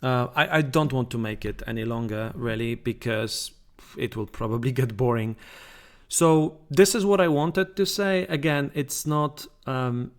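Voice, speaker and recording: Slow-talking man giving trading advice. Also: medium pitch. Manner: conversational, frequent fillers and restarts, repeats points. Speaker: football trading channel host. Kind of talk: casual talk to camera.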